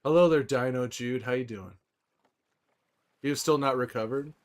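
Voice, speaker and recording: A man livestreaming casually to his viewers, rambling excitedly with frequent restarts and laughs. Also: mid-range voice, normal speed. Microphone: desktop microphone.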